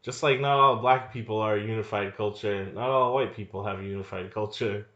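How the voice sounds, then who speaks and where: A man's voice: lowish voice, steady tone, brisk, sharp tone. A man co-hosting a podcast, riffing on a movie in casual chat, joking and swearing often. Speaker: podcast co-host. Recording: echoey room, dull lo-fi sound.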